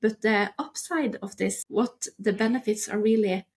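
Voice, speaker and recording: A woman's voice: medium pitch, moderate pace, a little mellow. A woman co-hosting a podcast who talks in an enthusiastic, encouraging, motivational way. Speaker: podcast co-host. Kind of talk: casual chat.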